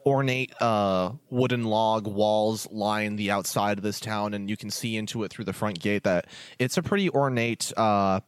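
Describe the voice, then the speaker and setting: A man running a tabletop game as game master, describing the scene in a relaxed, rambling way with many fillers. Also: on the low side, normal speed, smooth. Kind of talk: improvised tabletop game narration.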